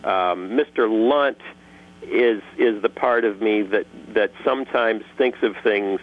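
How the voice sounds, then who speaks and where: A man answering interview questions in a casual, joking way, lively and quick to slip into voices. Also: fairly low pitch, narrow, tinny audio. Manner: animated, jokey, slips into character voices. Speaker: guest voice actor and creator.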